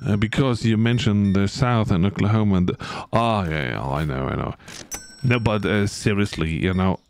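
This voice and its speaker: A man's voice: fairly low pitch, moderate pace, smooth. A man streaming a game, chatting casually and playfully with his viewers in a rambling way. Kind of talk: casual live-stream chat.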